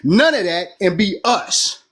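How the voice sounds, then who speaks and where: Man, heated political debate, animated delivery, lively pitch, slightly high voice. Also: unhurried, breathy edge. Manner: animated, ranting, swears freely, acts out quoted voices.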